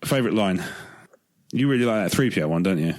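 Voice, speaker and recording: Low-voiced man, casual podcast chat. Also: expressive, quick pace, darkish tone. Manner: rambling, hesitant, restarts often. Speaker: podcast co-host.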